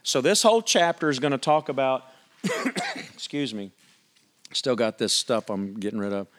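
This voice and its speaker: A pastor preaching a sermon, reading scripture aloud and asking the congregation questions in a conversational, emphatic way. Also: male voice, medium pitch, normal speed, a bit bright.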